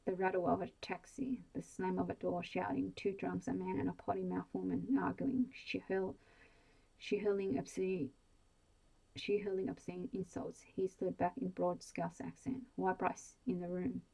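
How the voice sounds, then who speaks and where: A woman reads a bedtime story in a soft, hushed ASMR voice, slow and steady. Her tone is low and dark, with a gravelly, breathy grain, and it barely rises or falls. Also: poor audio. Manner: slow, hushed, even delivery.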